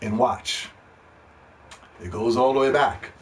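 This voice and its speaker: A man hosting a gaming podcast, ranting and pleading, dropping to hushed begging and then rising to shouts. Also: mid-range voice, takes it slowly, a little hiss or hum. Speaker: podcast host.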